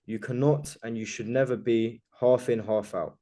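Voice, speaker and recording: A confident male coach leads a group video call, pressing hard on his points with complete conviction and the odd casual swear. His voice sits at an ordinary pitch with a mellow, warm tone. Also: fairly even intonation, normal speed. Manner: emphatic, self-assured, swears casually.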